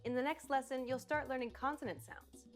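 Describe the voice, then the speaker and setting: A woman narrating a scripted pronunciation lesson in a clear, upbeat, explanatory way. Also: high voice, steady tone, a little fast, faint music behind. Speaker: pronunciation instructor.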